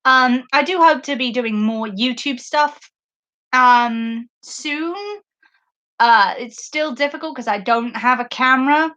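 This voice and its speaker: Young woman, podcast host, casual stream chat, slightly high voice, slow-paced, rambling, enthusiastic, basic mic. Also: sharp tone, highs cut off. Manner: rambling and enthusiastic, many fillers. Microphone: basic makeshift microphone.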